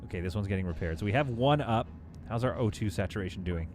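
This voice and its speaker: A man's voice: lowish voice, animated, fast, over music. A man with a somewhat Canadian accent, chatting playfully through a live gameplay stream and answering his chat as he goes. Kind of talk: casual live gameplay commentary.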